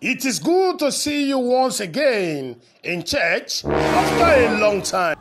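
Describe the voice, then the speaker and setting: A woman playing a slow, solemn male church pastor who prays over a churchgoer in a comedy skit. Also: fairly high pitch, very animated. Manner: slow, drawn-out preaching. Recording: music playing behind.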